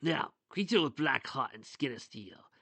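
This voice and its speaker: A man voicing a smug, scheming male villain with claws who talks smoothly. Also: medium pitch, lively intonation, normal speed, sharp tone, no echo, heavily acted.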